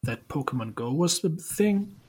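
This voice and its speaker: A man co-hosting a casual podcast, talking in a halting way and repeating words as he starts. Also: on the high side, animated, breathy edge.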